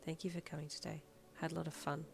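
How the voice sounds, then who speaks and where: A woman reading a fan fiction audiobook and voicing a shy, deadpan teenage girl musician who speaks quietly and flatly. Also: sits low, brisk, creaky. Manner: quiet flat deadpan delivery.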